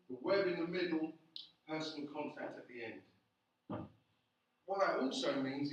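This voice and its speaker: A man giving a classroom lecture, animated, often checking in with the class by asking "yeah?". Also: fairly high pitch. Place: lecture room. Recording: echoey classroom, distant, dull.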